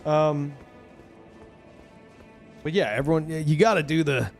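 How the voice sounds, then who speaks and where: A man's voice: a little high, a little slow, soft background music. A young man streaming a video game, ranting casually with lots of swearing and filler words. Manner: profane, animated, lots of fillers. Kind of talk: casual live-stream rant while gaming.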